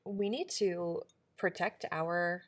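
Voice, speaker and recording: A woman's voice: fairly low pitch, fairly even intonation, takes it slowly. Earnest woman podcaster, emphatic. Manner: earnest, emphatic, many restarts and "like"s. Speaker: podcast co-host. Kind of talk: casual reflective chat.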